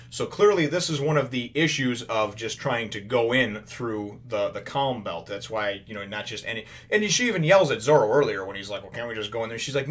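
A man's voice: mid-range voice, fairly quick, a bit bright. Rambling man recapping a comic chapter. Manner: rambling, lots of fillers and restarts, paraphrases characters loosely. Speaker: manga review host.

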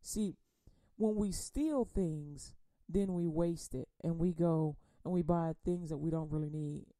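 On a radio program, a woman leads a Bible study in a conversational preaching style, repeating words and using folksy phrasing before reading scripture slowly and with emphasis. Her voice is low and mellow, and the recording is dry.

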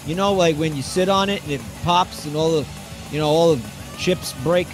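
A man doing excited play-by-play commentary on a wrestling match, rambling and swearing, bursting into yells. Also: on the high side, moderate pace, over music.

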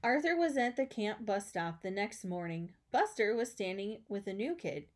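A woman teacher reading a children's storybook aloud, expressive with chatty asides. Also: medium pitch, normal speed, few pauses.

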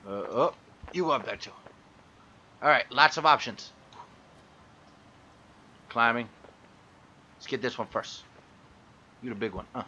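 A man's voice: mid-range voice, unhurried, long pauses, pushed and bright, muffled recording, a little hiss or hum. A man giving gameplay commentary, frustrated and swearing as he talks to objects in the game. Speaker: gaming YouTuber.

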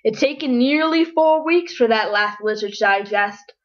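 Woman as grumbling old lazy snake, slow drawl, storybook, lo-fi. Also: fairly high pitch, lively intonation, natural voice. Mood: groaning. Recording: dull lo-fi recording.

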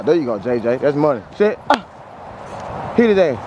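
A man's voice: a little high, big pitch swings, moderate pace. A man coaching football drills outdoors, blunt and profane, calling out moves and sound effects. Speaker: football trainer. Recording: outdoor traffic noise.

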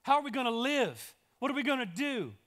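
A man's voice: very high-pitched, sing-song, fairly quick, fairly bright tone, pitched above the performer's own voice, exaggerated voice. A man doing skeptical working-men disciples. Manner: casual, reasoning objections.

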